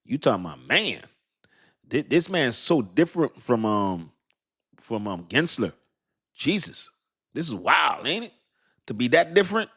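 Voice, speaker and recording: A man hosting a casual livestream, talking in an animated, slangy way, laughing often and calling out to his chat. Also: mid-range voice, measured pace, long pauses, breathy edge. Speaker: crypto livestream host.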